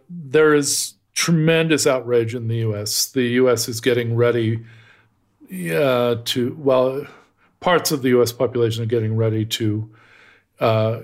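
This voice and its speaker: A man's voice: mid-range voice, a little mellow. An American man co-hosting a casual history chat, telling stories in a wry, digressive way and chuckling at his own anecdotes. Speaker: podcast co-host.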